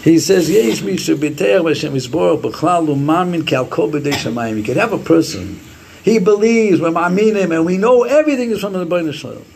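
A man teaches a Torah class with a raised, gravelly voice. His pitch swoops widely as he quotes Hebrew sources and acts out the sayings he explains. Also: expressive, brisk, a little mellow.

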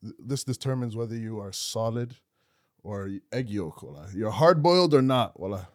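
A man's voice: lowish voice, animated, moderate pace, no room sound, clean studio sound. Young Toronto man chiming in on a podcast. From Canada. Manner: chiming in, finishing the other's sentences. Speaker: podcast co-host. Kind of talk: casual chat.

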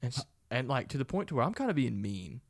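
A man's voice: medium pitch, sing-song, quick pace, gravelly. A young man telling a rambling story in casual chat, swearing often and laughing along.

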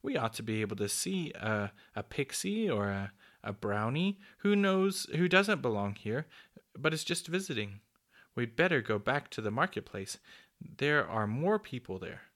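A man's voice: medium pitch, big pitch swings, measured pace, a bit bright. A man voicing a bold, easily cross young boy in a storybook reading, close to his own voice. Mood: plain. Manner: plain, slightly gloomy delivery.

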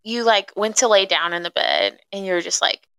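A woman's voice: medium pitch, very animated, a little fast, a bit bright, smooth, low-quality recording. A young woman co-hosting a podcast, chatty and teasing as she fills in details of the story. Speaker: podcast co-host. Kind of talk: casual chat.

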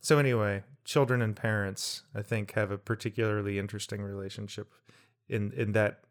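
A middle-aged man co-hosting a relaxed podcast, talking in a thoughtful, wandering way. He breaks his reflections with wry jokes and often restarts his sentences. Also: fairly low pitch, fairly quick. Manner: reflective, jokey asides, trailing restarts. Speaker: podcast co-host. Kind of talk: casual conversational podcast.

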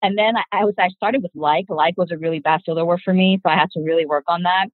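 A woman's voice: lowish voice, fairly even intonation, quick pace, no room sound. A woman in her forties talking earnestly about parenting and communication on a casual podcast, in long reflective sentences. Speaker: podcast guest. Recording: tinny phone-like sound.

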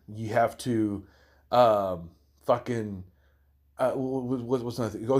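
A young man ranting hotly and profanely, stumbling over repeated words and jumping up in pitch when he gets worked up. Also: darkish tone. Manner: heated, swearing, repeating himself, rising pitch when worked up.

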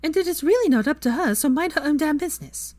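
A woman's voice: high voice, lively intonation, fast talker, darkish tone, no room sound, pitched above the performer's own voice. A woman voicing a clever, stubborn young witch with a dry, wry way of talking, in a fan fiction reading.

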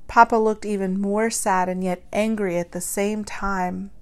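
A woman narrating a story in the first person, expressive and acting out the dialogue. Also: mid-range voice, measured pace, few pauses.

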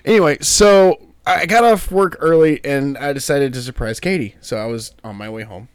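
A man's voice: a little high, moderate pace, clean tone, dry recording, clean studio sound. A man with a Southern US accent, a podcast co-host telling stories in casual chat. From Southern United States. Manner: animated storyteller who acts out quotes.

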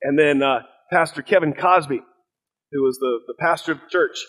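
A middle-aged man, a pastor preaching a sermon, telling stories in an earnest, halting way with fillers and restarts. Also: fairly high pitch, a bit bright, rough recording.

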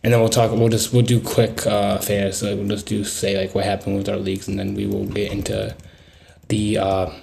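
A man's voice: on the low side, completely flat delivery, fairly quick, vocal fry, a little mellow, slight background noise. A young man co-hosting a casual sports podcast, rambling and searching for words with many fillers. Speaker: podcast co-host.

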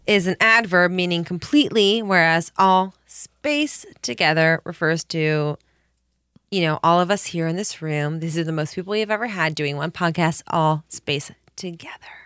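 A woman co-hosting a podcast in casual group chat, playful and quick to joke. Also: fairly low pitch, fairly bright tone, clear, resonant tone, no echo, studio quality. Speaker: podcast co-host.

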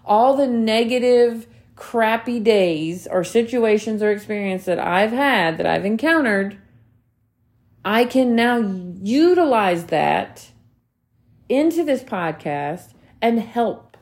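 A woman's voice: fairly high pitch, lively intonation, takes it slowly, darkish tone. A woman in her thirties hosting her own podcast, talking earnestly and emphatically to listeners, repeating key phrases and swearing casually. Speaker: podcast host. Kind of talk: motivational solo podcast talk.

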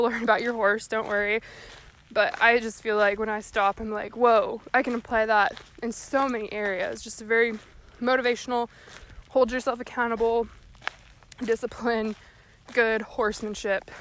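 A young woman chats on her podcast while walking, slightly out of breath. Her voice sits a little higher than usual, and she rambles in a folksy, earnest way. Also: a bit bright, slight background noise. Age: young adult. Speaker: podcast host. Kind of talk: casual solo talk. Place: walking outdoors.

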